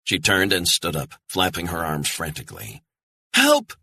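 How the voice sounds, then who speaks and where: A man narrating a thriller audiobook in a tense, measured way. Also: low-pitched, pushed and bright, dry recording.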